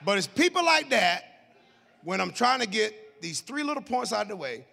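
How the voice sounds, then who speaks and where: A man preaching a sermon as pastor, joking with the congregation in laughing asides and building to shouted preaching. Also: high-pitched, very animated, moderate pace, gravelly, long reverb tail. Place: church sanctuary.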